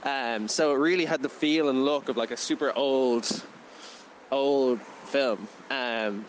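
A man's voice: mid-range voice, takes it slowly, slight background noise, rough recording. A man, co-hosting a casual film review podcast and rambling through his thoughts with lots of fillers. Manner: rambling, full of "like" fillers, laughs often.

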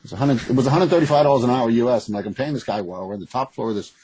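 A man's voice: medium pitch, racing, warm tone, husky, poor audio. A man, speaking as an author in a frank, rambling interview conversation, swearing freely. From Boston area. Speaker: author and guest.

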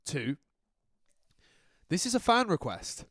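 A man's voice: fairly high pitch, very animated, takes it slowly, fairly bright tone, no room sound. A man co-hosting a football podcast in a laddish, joking manner. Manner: laddish, jokey, silly voices. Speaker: podcast co-host. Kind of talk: casual football chat.

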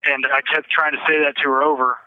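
A man talking over a tinny phone line, his voice held in a narrow, flat band. He tells his story haltingly, repeating phrases and restarting sentences. The sound is dry, with no room around it. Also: fairly high pitch, dry recording. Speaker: interview guest. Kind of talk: emotional personal account.

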